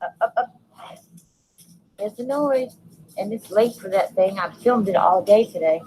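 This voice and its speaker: A woman filming her own vlog outdoors while walking her dog, full of awe, calling out in wonder and dropping into hushed whispers. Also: mid-range voice, a little slow, slight background noise, low-quality recording. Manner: awed, exclaiming, drops to hushed whispers. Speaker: sky-watching vlogger. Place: outdoors under open sky, walking a dog.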